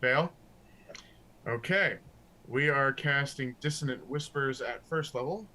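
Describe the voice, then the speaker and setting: Bright-voiced man playing a tabletop game. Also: medium pitch, slow pace. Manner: chatty, swears casually, restarts often. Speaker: player. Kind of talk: casual tabletop game play.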